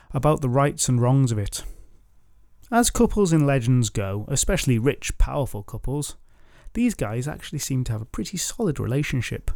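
Male storyteller, wry jokey asides, mellow warm tone, dry close mic. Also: medium pitch, no room sound. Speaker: storyteller and podcast host. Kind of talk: comic myth retelling.

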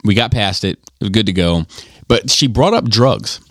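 Casual podcast man, middle-aged, low, animated delivery, rambling and profane, dry sound. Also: moderate pace, no room sound. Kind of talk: casual chat.

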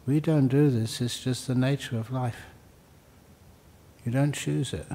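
A mellow, warm-toned older man speaks as a Buddhist monk giving a dharma talk. He answers questions in an easygoing way, with light jokes, and repeats key phrases slowly for emphasis. His delivery stays unhurried and conversational. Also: medium pitch, steady tone.

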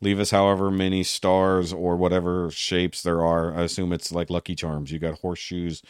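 A man's voice: sits low, flat delivery, moderate pace, clear, resonant tone, dry recording, clean studio sound. A man hosting a casual podcast, rambling through the wrap-up with fillers and restarts. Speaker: podcast host.

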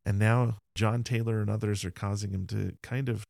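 A man's voice: lowish voice, steady tone, normal speed, creaky, darkish tone, no echo, studio quality. A man co-hosting a conversational podcast, earnestly retelling history and reading old quotes in his plain voice. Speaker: podcast co-host. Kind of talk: casual conversational history discussion.

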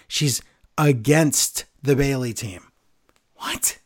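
A man co-hosting a casual wrestling recap podcast, sarcastic and lively as he runs through the night's events. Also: mid-range voice, slow. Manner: animated, sarcastic play-by-play.

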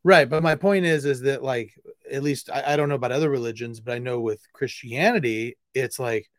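A man's voice: mid-range voice, brisk, dry recording, studio quality. A man hosting an interview, asking questions in an informal way and thinking aloud with frequent restarts. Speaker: interview host. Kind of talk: casual conversational interview.

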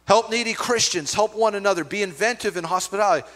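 A middle-aged man preaching as a pastor, conversational and animated, telling stories with asides to the congregation. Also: sits high, quick pace. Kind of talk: sermon. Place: church hall. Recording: long reverb of a church hall.

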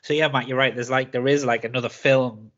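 A man's voice: mid-range voice, steady tone, brisk, fairly bright tone, muffled recording. A man chatting casually on a film podcast, recapping scenes with laughter and swearing. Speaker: podcast co-host.

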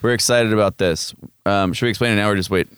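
A man's voice: fairly low pitch, steady tone, fast, fairly bright tone, smooth, dry recording. Male podcast co-host, casual and profane banter, clean resonant tone, dead-dry room. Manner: loose, profane, joking banter with laughs.

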